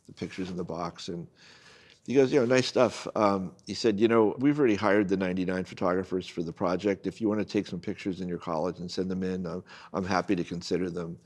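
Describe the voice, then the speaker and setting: Older guy with a deep voice spinning a long story, doing everyone's lines. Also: fast. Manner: animated anecdote-telling, acts out quoted people. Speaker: guest photojournalist. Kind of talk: storytelling in a casual conversation.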